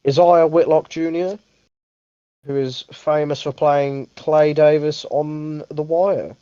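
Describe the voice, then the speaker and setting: A man's voice: fairly high pitch, mellow, clear, resonant tone, no room sound, highs cut off. A young man hosting a casual movie review podcast, rambling, correcting himself and swearing offhand. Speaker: podcast host.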